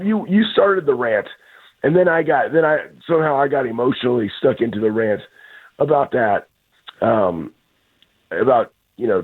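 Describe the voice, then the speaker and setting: A man's voice: medium pitch, slightly rough. Ranting man on a tinny phone line. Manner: blunt, ranting, trash-talking. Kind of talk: fired-up sports talk.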